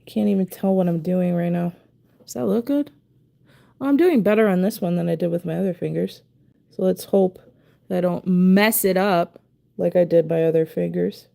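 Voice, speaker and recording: A woman's voice: fairly low pitch, animated, normal speed, vocal fry, dark tone. A woman chatting casually on a live stream while painting her nails, talking to herself in a self-deprecating way as she concentrates. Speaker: nail art streamer.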